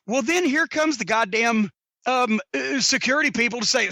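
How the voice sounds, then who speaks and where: A man's voice: sits high, sing-song, brisk, sharp tone, dry recording. A middle-aged man telling a heated, profanity-filled story on a podcast. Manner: heated, cursing constantly, Southern drawl. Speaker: podcast host.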